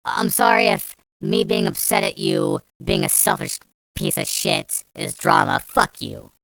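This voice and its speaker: A young woman vlogger with a fairly low, fairly bright voice tells a storytime rant at a measured pace. She's angry and swears a lot, rambling with restarts, and there's a little hiss or hum.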